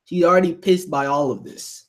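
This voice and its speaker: A man's voice: fairly high pitch, normal speed. A man reacting live to a manga chapter, ranting heatedly, swearing and stammering over repeated words. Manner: reads panel lines aloud softly.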